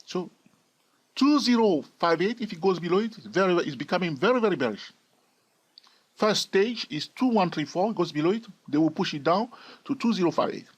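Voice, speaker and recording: A man's voice: high voice, animated, a little fast, slightly rough. A man giving a trading lesson over price charts, emphatic and repeating key phrases. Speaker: trading educator.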